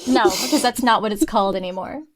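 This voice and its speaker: A young adult woman co-hosting a book podcast in easy, casual conversation. She agrees readily, laughs often and lays out her reasoning in quick asides. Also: medium pitch. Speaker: podcast co-host. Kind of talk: casual book-discussion chat.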